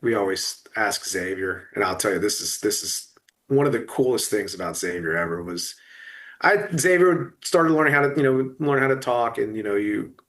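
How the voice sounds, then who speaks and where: A man's voice: mid-range voice, a bit bright. A middle-aged man talking about loss in an emotional podcast conversation, full of restarts and fillers. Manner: halting, many restarts and fillers. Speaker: guest.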